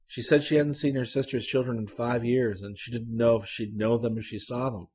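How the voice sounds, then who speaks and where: A man reading a literary short story aloud, narrating at a measured, even pace. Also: mid-range voice, slightly rough.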